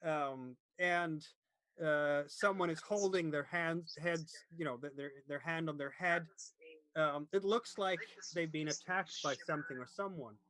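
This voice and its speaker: A man narrating a tabletop game as game master, pausing often to search for words. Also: fairly high pitch, sharp tone, dry recording.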